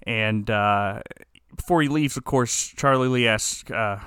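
Guy recapping an episode, rambly and jokey, mid pitch, dead dry sound. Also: unhurried, pushed and bright, clean tone, no echo. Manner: rambling, joking, self-correcting. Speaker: podcast host.

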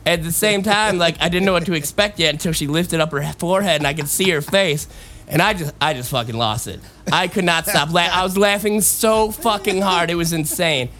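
Animated young man telling a story. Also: fairly high pitch, a little fast, soft background music. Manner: animated, laughing, acts out quoted voices. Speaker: podcast host. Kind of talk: casual storytelling chat. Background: fan noise.

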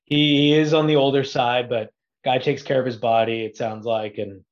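A man who is a podcast guest, talking sports in a relaxed, joking way. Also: medium pitch, normal speed, muffled recording. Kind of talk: casual sports chat.

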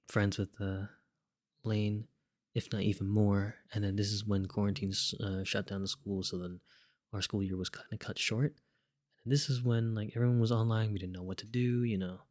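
A young man tells a personal story in a loose, rambling way, full of fillers and restarts. His voice sits a little low, and the sound is dry and close with no room around it. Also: a little mellow, dry recording. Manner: laid-back, chuckles now and then.

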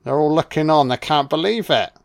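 A man's voice: on the high side, brisk, gravelly. A man giving a casual, jokey, sweary film commentary. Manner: laid-back, sweary, jokey.

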